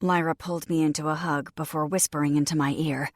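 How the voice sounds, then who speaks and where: A woman narrating a fantasy audiobook in the first person, in a measured, even reading. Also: deep voice, dry recording, clean studio sound. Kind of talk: scripted narration.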